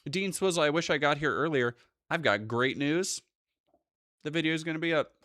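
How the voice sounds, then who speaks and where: A man's voice: on the high side, normal speed, dry recording, studio quality. A young man streaming live, talking casually with lots of swearing and rambling asides. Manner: profane, animated, rambling.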